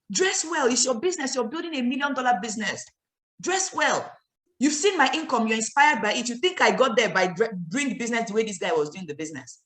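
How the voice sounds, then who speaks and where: A woman's voice: a little high, a bit bright, reverberant. A woman with a Nigerian accent giving an emphatic motivational training talk as a network marketing trainer, scolding her listeners with rhetorical questions.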